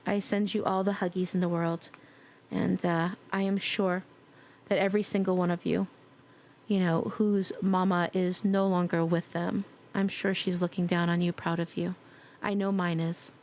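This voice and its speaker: A woman's voice: lowish voice, flat delivery, moderate pace. A woman streamer chatting casually and affectionately as she signs off her stream, a bit congested. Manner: warm, affectionate, blowing kisses. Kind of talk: casual stream sign-off chat.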